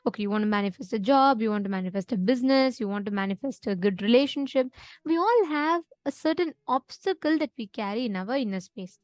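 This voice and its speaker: Woman instructor, higher voice, dry close sound, patient explainer who checks in with listeners. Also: lively intonation, fast talker, darkish tone, no room sound. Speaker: spiritual session instructor. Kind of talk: live online teaching session.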